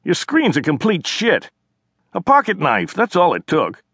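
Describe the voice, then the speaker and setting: Audiobook: narrator playing a careless, cocky young man, raised pitch, loose and offhand. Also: wildly swooping pitch, measured pace, gravelly, a bit bright, slightly rough, no echo, studio quality, heavily acted.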